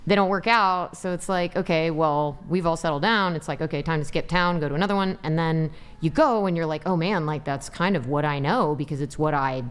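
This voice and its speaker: A woman's voice: low-pitched, brisk, few pauses, clear, resonant tone. A woman who is a guest on a casual podcast panel, rambling and filling her talk with "you know.".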